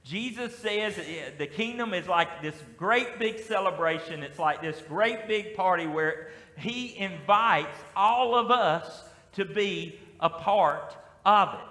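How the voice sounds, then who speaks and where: A man with a Southern US accent preaches from a church pulpit, his voice high and bright. He leads the congregation in call-and-response. The sound rings with a long, echoing reverb. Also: takes it slowly. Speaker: pastor. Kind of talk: sermon. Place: church sanctuary. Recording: echoey hall with long reverb.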